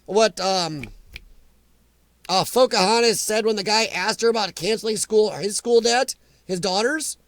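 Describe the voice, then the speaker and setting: An American man with a fairly high voice hosts a casual live chat. He rambles and gets emphatic as he answers viewers by name, and his voice sounds close and dry, with no room echo. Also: normal speed, a bit bright. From United States. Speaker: livestream chat host.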